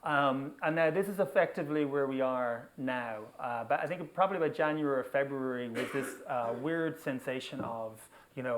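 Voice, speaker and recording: Male conference speaker with a mid-range voice, energetic and conversational, checks in with listeners often. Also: mid-range voice, normal speed, hardly any pauses. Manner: energetic, checks in with the audience with "okay?" and "right?". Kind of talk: technical conference talk. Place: conference venue.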